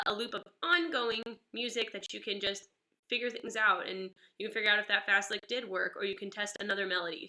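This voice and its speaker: Upbeat woman teaching guitar, bright voice. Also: medium pitch. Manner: chatty and upbeat, greeting viewers by name. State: stuffy nose. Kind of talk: live-streamed guitar lesson. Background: guitar playing.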